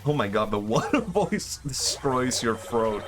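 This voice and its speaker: A young man streaming a game, musing in a loose, excitable way and swearing now and then. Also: mid-range voice, measured pace, crowd noise. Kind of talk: casual gaming stream commentary.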